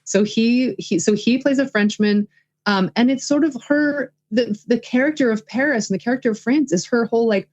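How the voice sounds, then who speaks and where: A woman's voice: fairly high pitch, normal speed, darkish tone, lo-fi sound. A woman guest and filmmaker in a casual interview, talking enthusiastically with many fillers. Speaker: guest, filmmaker and writing coach.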